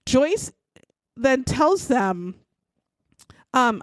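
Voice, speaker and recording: A woman co-hosts a podcast, casually retelling a true-crime case in a profane, sarcastic, exasperated way. Her voice is high and sing-song, her pace moderate, and the recording dry.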